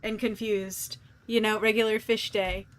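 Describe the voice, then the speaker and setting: A woman's voice: medium pitch, level tone, unhurried. A woman streamer chatting casually and rambling with jokes while playing a game. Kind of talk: casual gameplay commentary.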